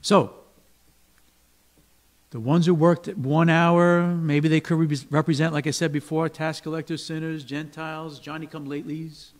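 A man's voice: on the high side, level tone, moderate pace, long pauses. A man preaching as pastor, conversational, often checking in with his listeners and acting out complaining workers. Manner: conversational, asks the congregation "right?" often; acts out grumbling workers with raised voice. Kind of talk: sermon. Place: church sanctuary.

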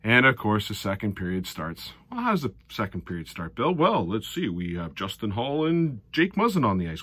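A middle-aged man giving a casual recap of a hockey game, animated and sarcastic, often exasperated. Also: fairly low pitch, moderate pace, hardly any pauses, slightly rough, dry recording. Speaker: hockey fan commentator.

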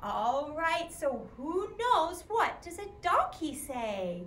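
A woman with a Midwestern American accent leads an interactive music class for small children, encouraging them in a sing-song way and singing animal songs. Her voice sits high and a bit bright, with a slow pace. The room echoes slightly, with faint ambience.

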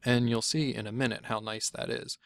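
Gravelly-voiced man narrating a casual screencast. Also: medium pitch, steady tone, fairly quick, dry recording. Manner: chatty, thinks aloud, self-correcting. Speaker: software tutorial instructor.

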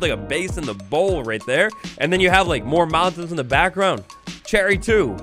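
A young man with a high, very lively voice narrates his gameplay in quick bursts of excitement and theatrical mock outrage. He talks close to the mic, with faint music playing behind him. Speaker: gaming YouTuber. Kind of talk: Minecraft let's play commentary.

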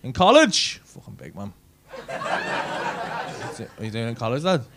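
Speaking at a moderate pace, a Liverpool-accented male comedian teases his comedy club audience with swearing and bravado, his medium-pitched voice swooping wildly up and down. The live recording carries the crowd's laughter.

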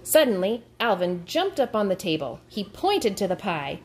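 A woman teacher reading a picture book aloud to her class, in a slow, expressive storytelling way. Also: medium pitch.

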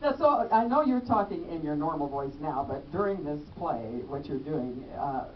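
A woman hosting a radio interview, lively and encouraging, laughing along with her guest. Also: low voice, normal speed, a little hiss or hum. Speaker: radio host. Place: radio studio. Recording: distant, muffled radio studio audio.

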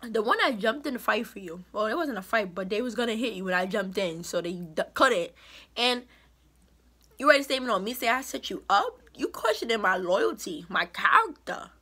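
A woman's voice: medium pitch, sing-song, normal speed, bright, forceful tone, breathy edge. A young woman vlogger telling a storytime in an emphatic, indignant way. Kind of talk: storytime vlog.

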